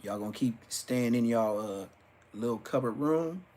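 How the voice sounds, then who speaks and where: Brief: middle-aged man, livestream host, joking storyteller, mid-pitched. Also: moderate pace, darkish tone. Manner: joking, storytelling with acted-out quotes. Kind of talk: casual livestream rant.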